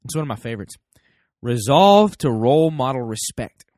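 A man's voice: medium pitch, lively intonation, moderate pace, darkish tone, dry recording, clean studio sound. An American man hosting a parenting podcast, giving an emphatic motivational talk to his listeners and acting out both sides of little everyday dialogues. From United States.

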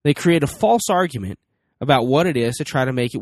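A man's voice: medium pitch, animated, fairly quick, no room sound, clean studio sound. A man in his thirties giving casual parenting advice, acting out little dialogues between parent and child. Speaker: parenting speaker.

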